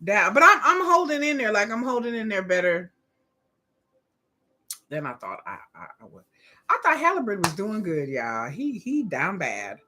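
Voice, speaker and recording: A woman's voice: mid-range voice, wildly swooping pitch, moderate pace, pushed and bright, slight background noise. A woman hosting a live watch-along, chatting candidly, swearing freely and laughing often. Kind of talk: casual reaction commentary.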